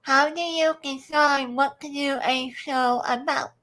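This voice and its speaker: Woman interview host, high and unhurried. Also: fairly even intonation, a bit bright.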